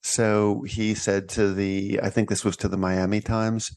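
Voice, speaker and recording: A man with a low voice and a gravelly edge speaks as an author being interviewed. He tells his stories wryly and breaks into laughter as he goes. His voice has a noticeable rough fry. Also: level tone, unhurried, darkish tone. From United States. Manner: wry, laughs while telling stories. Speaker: author and guest. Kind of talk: conversational interview.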